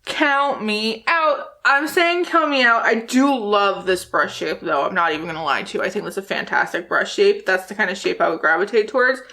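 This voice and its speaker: A woman's voice: mid-range voice, lively intonation, moderate pace, few pauses, sharp tone. A woman beauty vlogger talking casually and sarcastically about makeup releases, often laughing. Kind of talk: casual chat.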